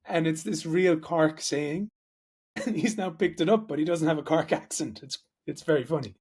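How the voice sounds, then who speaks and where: A man's voice: a little high, moderate pace, darkish tone, slightly rough. An Irish man co-hosting a podcast, telling stories in a casual, chatty way and laughing often. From Ireland. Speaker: podcast co-host. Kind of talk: casual chat.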